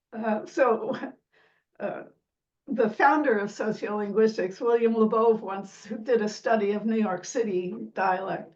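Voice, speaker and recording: A woman's voice: on the high side, darkish tone, recorded from a distance. Woman academic guest, explanatory, demonstrates sounds; dull lo-fi line. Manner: imitates vowel sounds, laughs lightly. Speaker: sociolinguist guest. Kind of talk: explanatory interview talk.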